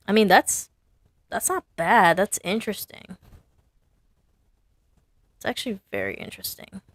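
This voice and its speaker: Woman, sign designer, casual design commentary, self-amused, gravelly voice, dry recording. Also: medium pitch, no echo. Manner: chatty, self-amused, thinking aloud.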